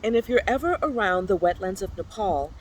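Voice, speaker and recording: Playful, animated children's book reader. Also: fairly quick, slight background noise, low-quality recording. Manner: playful, animated read-aloud with high squeaky exclamations. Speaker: storyteller. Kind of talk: reading a children's picture book aloud.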